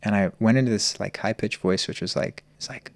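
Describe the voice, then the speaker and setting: Earnest man with a gravelly low voice. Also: fairly even intonation, no echo. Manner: earnest, open, slow and searching. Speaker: podcast guest, healer. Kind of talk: reflective personal storytelling.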